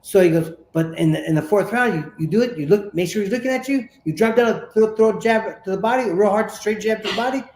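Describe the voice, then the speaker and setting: A man from California tells a story from his fighting days, animated and stumbling over repeated words. His voice sits fairly high. The room around him rings with echo. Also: quick pace, few pauses, slight background noise. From Sacramento, California. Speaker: interview guest, former boxer. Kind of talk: casual storytelling interview.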